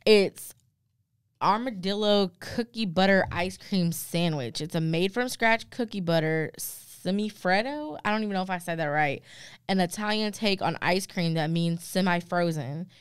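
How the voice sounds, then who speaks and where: A woman's voice: on the low side, moderate pace, clean tone, no room sound, clean studio sound. A woman co-hosting a casual podcast, reading fair food descriptions aloud with playful asides and easy laughter. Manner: reads menu blurbs aloud with playful asides, laughs easily. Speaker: podcast co-host.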